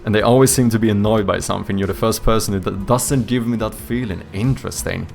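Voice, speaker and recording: A young man from Sweden speaks English with a light Swedish accent and a low, gravelly voice. He chats loosely with his stream viewers, wandering through his thoughts, hunting for the right word and swearing in passing. Faint music sits behind him. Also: quick pace, darkish tone. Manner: rambling, searches for words, swears casually. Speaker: streamer and indie game developer. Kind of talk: casual live-stream chat with viewers.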